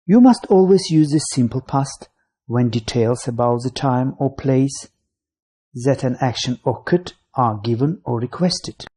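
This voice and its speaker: Lively-pitched, husky grammar lesson voice. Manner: reads rules, word lists and example sentences in a measured way. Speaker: English grammar teacher. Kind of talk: scripted grammar lesson narration.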